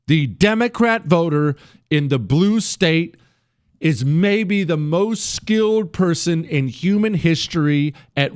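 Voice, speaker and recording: A man's voice: on the high side, no room sound, clean studio sound. A man hosting a political talk radio show, delivering a sarcastic monologue and mocking people in put-on voices.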